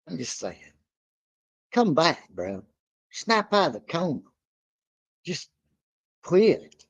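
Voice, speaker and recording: A man hosting a live music reaction stream, excitable and slangy, talking straight to the artist. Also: a little high, slow pace, pauses often, breathy edge.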